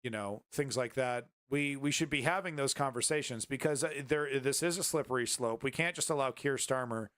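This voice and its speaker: Smooth-voiced man, rambling indignant commentary. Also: mid-range voice, brisk, hardly any pauses, fairly bright tone, no echo, clean studio sound. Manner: rambling, many fillers, indignant. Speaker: host. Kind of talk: political commentary livestream.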